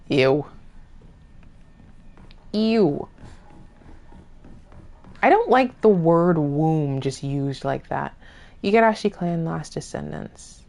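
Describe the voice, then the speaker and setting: A woman's voice: sits low, expressive, slow pace, pauses often. A woman streamer giving casual let's-play commentary, jokingly scolding the enemies and characters on screen. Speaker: gaming streamer.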